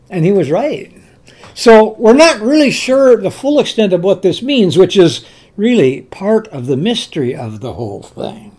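A man preaching a sermon, telling scripture stories slowly and emphatically, often repeating his words. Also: high voice, big pitch swings, a little mellow. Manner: earnest storytelling, slow and emphatic, with repeated words.

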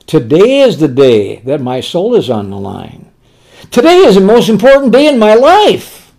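A man preaching a sermon. He poses rhetorical questions and answers them himself, and slows to a soft voice on tender words. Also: sits high, wildly swooping pitch, vocal fry.

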